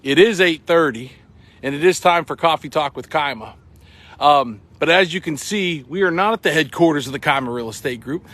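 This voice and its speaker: A man's voice: fairly high pitch, lively intonation, moderate pace, a bit bright. A middle-aged man from Massachusetts, out of breath, hosting an upbeat, chatty live morning talk outdoors at a ball field. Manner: upbeat, chatty, many ums and uhs. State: sweating and out of breath. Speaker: real estate broker hosting a morning show.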